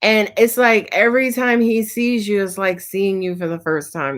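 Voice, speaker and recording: A woman's voice: fairly high pitch, moderate pace, hardly any pauses, fairly bright tone. A woman tarot reader answering viewers' questions on a live stream, talking in a casual, slangy, profane way and sounding tired.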